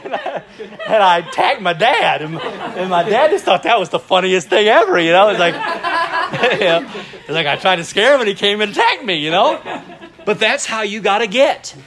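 A middle-aged man preaching a sermon as a pastor, telling stories in a lively way and laughing often. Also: sits high, moderate pace, a crowd in the background.

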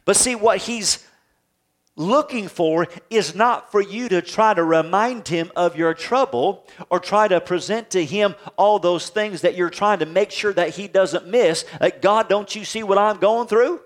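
A male pastor preaching a sermon to his congregation, lively and conversational, often checking in with rhetorical questions. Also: high-pitched, a little slow. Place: church service with congregation.

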